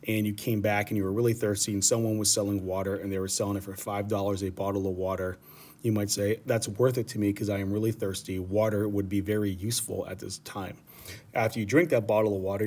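A man's voice: fairly low pitch, a little mellow, breathy edge. A man teaching an economics lesson in a casual, rambling way, often checking in with "right?". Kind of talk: economics lecture.

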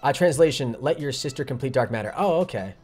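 A man's voice: medium pitch, animated, darkish tone, faint music behind. A young man chatting casually on his gaming live stream, reading out viewer messages. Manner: fast, chatty, reads viewer messages aloud.

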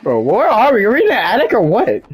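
A young woman playing a co-op game, excitable and giggly, calling her partner bro. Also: medium pitch, quick pace, husky, faint music behind. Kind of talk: casual gaming chat.

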